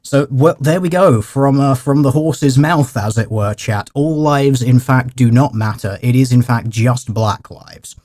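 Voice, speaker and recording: A man's voice: mid-range voice, measured pace, hardly any pauses, a little mellow. A man hosting a livestream, talking to his chat in dry, mock-formal, sarcastic commentary. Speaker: livestream host.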